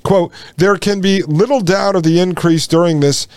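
Give me an indignant male host reading aloud and mocking what he reads, slightly high-pitched and dry. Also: steady tone, normal speed, darkish tone, clear, resonant tone, dry recording. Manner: indignant, sarcastic asides between quoted passages. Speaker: podcast host. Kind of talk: commentary reading aloud from an article.

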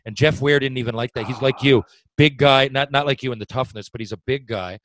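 A middle-aged man, a former hockey player, telling a story in a casual chat, animated and swearing freely. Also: mid-range voice, brisk, poor audio. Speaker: retired hockey player, podcast guest storyteller.

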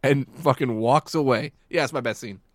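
A man's voice: medium pitch, moderate pace, dry recording, studio quality. A man co-hosting a podcast, rambling casually and mocking a movie's scenes. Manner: rambling, mocking, does silly quoted voices. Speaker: podcast co-host. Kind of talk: casual movie review chat.

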